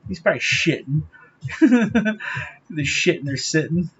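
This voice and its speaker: A man's voice: fairly high pitch, expressive, slow, fairly bright tone, muffled recording, a little hiss or hum. A man talking straight to his viewers in a rambling, profane monologue, laughing often. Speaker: vlogger.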